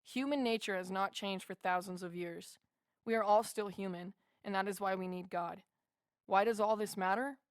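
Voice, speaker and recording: A woman's voice: medium pitch, fairly even intonation, normal speed, no room sound. Woman reading her own life story, heartfelt, super dry close sound. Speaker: audiobook narrator. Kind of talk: first-person memoir narration.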